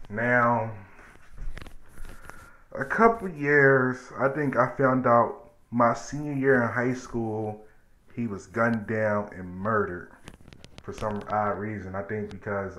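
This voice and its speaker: A man's voice: on the low side, low-quality recording. Man telling a raw personal story. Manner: animated, swings from loud to hushed; blunt, swears freely. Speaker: vlogger telling a life story.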